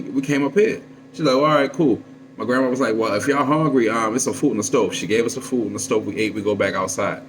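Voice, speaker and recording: A young man casually telling a story from his youth, animated and full of slang, jumping up in pitch when he quotes people. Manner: profane street slang.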